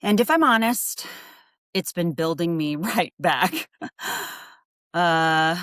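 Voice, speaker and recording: A woman's voice: low-pitched, a bit bright, no room sound, studio quality. A woman hosting her own podcast, talking in an earnest, reflective way and openly letting her emotions show. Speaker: podcast host and adoptee coach. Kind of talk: podcast monologue.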